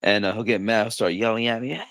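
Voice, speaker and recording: A man's voice: fairly low pitch, fairly even intonation, fast talker, a bit bright, no echo. A man hosting a casual livestream chat, joking around, laughing things off and acting out the voices of people he quotes. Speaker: livestream host.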